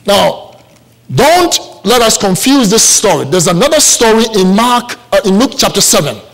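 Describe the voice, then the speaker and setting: A man's voice: high voice, big pitch swings, moderate pace. A male preacher with an African accent giving a sermon in a church service, repeating phrases for emphasis and checking in with the congregation.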